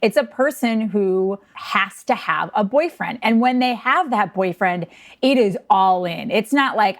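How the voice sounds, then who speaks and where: A woman's voice: mid-range voice, lively intonation, a little slow. A woman in her forties, a sports host, talking candidly in a casual interview. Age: 40s. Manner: candid and chatty.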